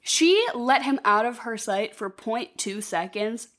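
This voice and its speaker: A woman's voice: a little high, a little slow. Chatty woman recapping a film. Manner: rambling, animated retelling with acted quotes and swearing. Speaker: podcast co-host. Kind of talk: casual movie recap chat.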